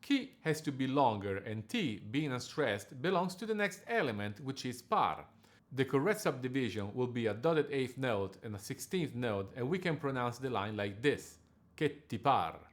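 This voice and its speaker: A man coaching singers in diction, giving a scripted lesson with measured, precise explanations. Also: mid-range voice, very animated. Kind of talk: scripted instructional narration.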